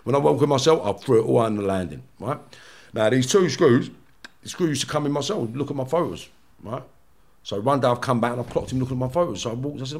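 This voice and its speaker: A man, a former prisoner, talking bluntly and swearing heavily in a casual podcast chat, loud and animated when he retells clashes. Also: medium pitch, quick pace, vocal fry.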